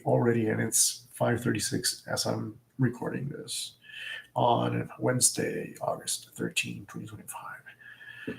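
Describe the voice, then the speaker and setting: A man's voice: mid-range voice, vocal fry, darkish tone. A man vlogging live in a casual, reflective way, often stopping and restarting his sentences. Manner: halting and reflective, with frequent restarts.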